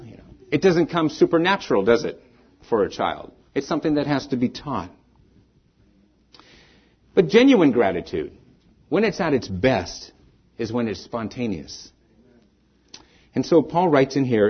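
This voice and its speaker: A middle-aged man preaches a sermon in church, with a husky voice. His delivery swings from loud peaks down to quiet, fading ends. The recording sounds dull and lo-fi. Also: medium pitch, sing-song, normal speed, pauses often. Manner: dynamic preaching, rising then falling away to soft endings. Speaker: pastor.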